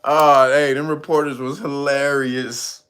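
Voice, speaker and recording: A man's voice: mid-range voice, a little slow. A man giving casual comedic commentary, swearing freely and laughing constantly. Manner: profane, laughs constantly, animated.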